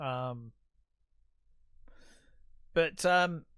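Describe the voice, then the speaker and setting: A man's voice: fairly high pitch, very slow, fairly bright tone, smooth, no echo, studio quality. A man co-hosting a film podcast, casually retelling the plot in a rambling way with lots of fillers. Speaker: podcast co-host. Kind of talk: casual film review chat.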